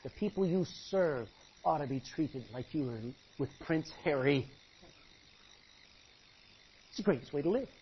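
A man preaching a sermon, acting out Bible characters and swinging between hushed and loud delivery. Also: on the high side, animated, a little slow, pauses often, muffled recording, a little hiss or hum. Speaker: pastor.

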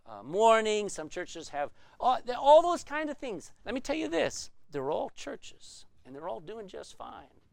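A male pastor delivers an emphatic sermon, firing off rhetorical questions to his congregation. His voice sits a little high and swings widely in pitch, and the sound is dry and close with no room echo. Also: vocal fry, smooth.

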